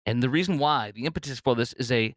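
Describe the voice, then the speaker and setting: A man's voice: medium pitch, quick pace, fairly bright tone, no echo. A man hosting a political talk show, rambling through commentary with many fillers and restarts.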